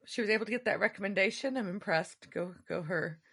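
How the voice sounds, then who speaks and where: A woman's voice: medium pitch, fast, vocal fry, a bit bright, husky. A woman co-hosting a podcast, chiming in with dry reactive comments. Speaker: podcast co-host listening. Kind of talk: casual chat.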